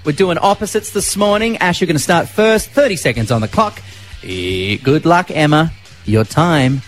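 A man's voice: on the high side, animated, normal speed, soft background music. A man hosting breakfast radio, joking around and running a quiz game. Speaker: radio host.

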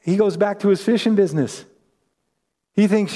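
There's a big-room sound as an adult-parent pastor preaches in a mellow, high-sitting voice at normal speed. His sermon feels conversational, and he acts out the voices of the people in his story.

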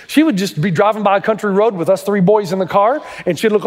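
A fairly high-voiced middle-aged man preaches with lively, theatrical storytelling, his voice ringing through a long hall reverb. He grew up in Tennessee and spins family tales into sermon points. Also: fast. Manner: dramatic storytelling, pitch leaping up in quoted voices. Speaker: pastor.

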